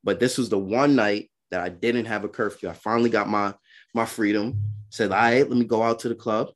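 A man's voice: on the low side, a little fast. A young man from Brooklyn, co-hosting a podcast and telling casual stories with laughs and acted-out quotes. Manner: animated, laughing, acts out voices in quotes. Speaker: podcast co-host. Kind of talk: casual storytelling chat.

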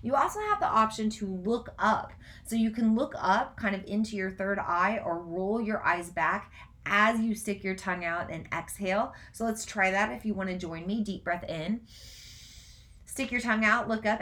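A woman hosting a casual live stream, talking fast in run-on sentences, then gently guiding a breathwork practice. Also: medium pitch. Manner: gentle instructive guidance in breathwork. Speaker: spiritual coach and podcast host.

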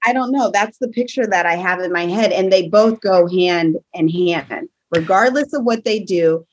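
A woman's voice: fairly low pitch, normal speed, lo-fi sound, slight background noise. A young woman co-hosting a casual faith podcast, talking reflectively and laughing between her thoughts. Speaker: podcast co-host. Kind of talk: faith-based casual chat.

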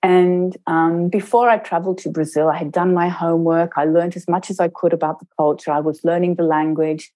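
A middle-aged woman, an intercultural trainer, telling a personal story in a reflective interview and slowing down to stress her points. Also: lowish voice, steady tone, mellow, low-quality recording. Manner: measured, slows down to stress points.

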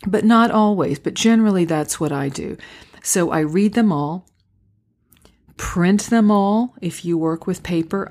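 Mellow-voiced woman giving gentle acting advice. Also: lowish voice. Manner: gentle, encouraging and unhurried. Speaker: podcast host and acting coach. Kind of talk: reflective solo podcast talk. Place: home, recorded near a street.

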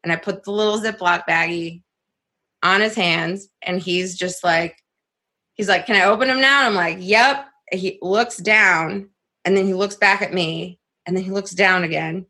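A young adult woman telling a personal story on a podcast in a casual, animated way, saying "like" a lot and swearing freely. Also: lowish voice, a little slow. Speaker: podcast guest.

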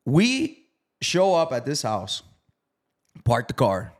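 Male storyteller, casual and profane, animated when quoting others. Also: medium pitch, slow pace. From South Florida. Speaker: real estate investor.

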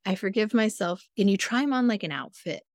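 A woman guest on a podcast, a mindfulness coach, telling personal stories in a candid, earnest way with sudden jumps in pitch. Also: lively intonation, brisk, no echo, studio quality. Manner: earnest, self-reflective. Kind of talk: casual interview conversation.

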